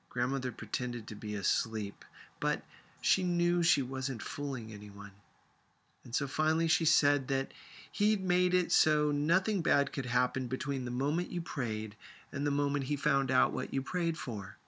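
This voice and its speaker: A man reading a novel aloud for a class, unhurried and measured. His voice is bright and a little breathy, with lively rises and falls in pitch as he tells the story. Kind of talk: audiobook-style reading aloud.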